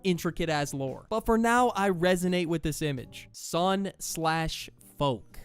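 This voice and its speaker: A man narrates an online commentary video in a wry, conversational manner. His voice sits a little high and sounds smooth and clean. Faint music plays underneath. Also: lively intonation, a little slow. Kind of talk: scripted internet-culture commentary.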